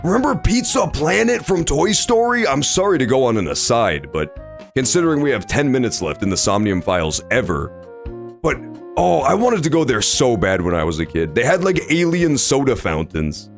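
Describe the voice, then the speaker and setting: A man's voice: mid-range voice, sing-song, normal speed, creaky, faint music behind. A man streaming a video game, joking and swearing while reading the story aloud. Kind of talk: casual game commentary.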